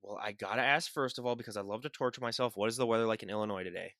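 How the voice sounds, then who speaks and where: Fast, bright-voiced Minnesotan man. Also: fairly low pitch, dry recording, studio quality. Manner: rambling, self-interrupting. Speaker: podcast host. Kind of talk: casual interview chat.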